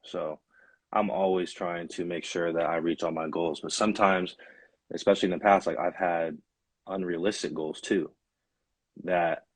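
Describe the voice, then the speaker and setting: Young guy hosting a podcast, real low voice, dry sound, laid back. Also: normal speed, breathy edge, no echo. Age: young adult. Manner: relaxed, steering the talk. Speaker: podcast host. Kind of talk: casual chat.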